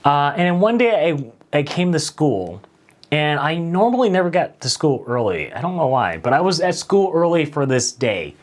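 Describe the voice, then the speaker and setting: A man's voice: a little high, sing-song, moderate pace. A man hosting a late-night show, telling a personal story in a conversational, self-deprecating way.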